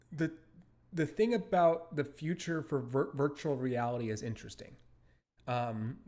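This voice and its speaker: A man answers interview questions in an easygoing way, full of "um" and "like" and sentences that stop and start again. He is the guest on the show, explaining how he builds his characters, and his voice sits at an ordinary middle pitch. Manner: rambling, with many fillers and restarts. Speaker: creator of an animated series, interview guest. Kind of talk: casual interview talk.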